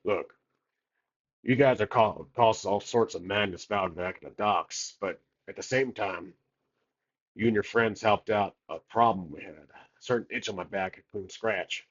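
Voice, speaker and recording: A man's voice: on the low side, unhurried, dull audio, voice pushed down. A man doing a drawling Southern guard captain. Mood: probing. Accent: American Southern. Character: suspicious middle-aged male city guard captain, blunt and threatening.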